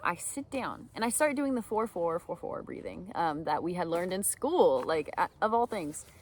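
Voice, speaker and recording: Young woman, lower voice, casual and filler-heavy, speaking about her own experience to advise others. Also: lively intonation, moderate pace, a little hiss or hum. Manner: rambling, full of "um" and "like" fillers. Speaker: speaker training others to help students. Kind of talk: candid personal story with advice.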